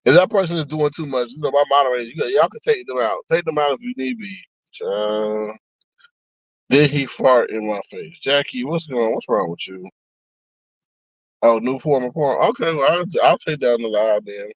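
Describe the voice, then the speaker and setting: A man's voice: medium pitch, a little fast, no echo, lo-fi sound. A man in casual chat on a live stream, reading viewer comments aloud and talking back to them. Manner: chatty, reads comments aloud, frequent laughs and asides.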